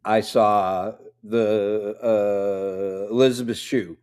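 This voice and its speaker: A man co-hosting a casual chat, telling an animated story and laughing when he gets nervous. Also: fairly low pitch, extremely slow, clear, resonant tone.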